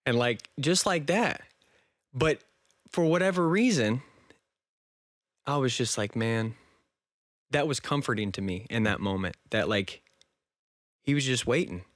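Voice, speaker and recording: A man's voice: medium pitch, lively intonation, measured pace, long pauses, no echo, studio quality. Earnest young man telling his story. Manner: earnest and emotional, laughs often, says "dude" and "man". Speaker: podcast guest. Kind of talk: casual interview storytelling.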